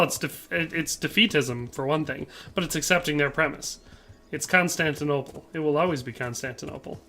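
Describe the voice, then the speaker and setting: A man's voice: a little high, sharp tone. A man streaming a game, chatting casually, reading out viewer comments and answering them with playful jokes. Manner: playful, joking asides. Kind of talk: casual livestream commentary while playing.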